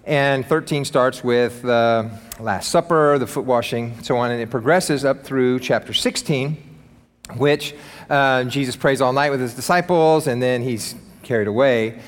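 An upbeat male pastor preaches in a casual, joking manner, his voice sitting at an ordinary middle pitch. Long reverb from a large church sanctuary trails after each phrase. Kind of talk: sermon.

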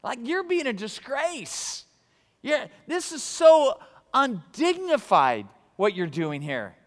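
A man's voice: very high voice, big pitch swings, slow pace, big-room sound, pitched above the performer's own voice, full character voice. A man voicing a queen who scolds her husband the king, in a raised, shocked tone during a sermon. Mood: scolding. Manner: reproachful, shocked.

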